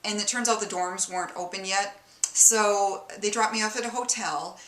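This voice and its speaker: A woman's voice: mid-range voice, moderate pace, a bit bright. Chatty, self-mocking woman from Detroit. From Detroit, USA. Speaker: vlogger. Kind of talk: casual storytelling to camera. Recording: roomy echo.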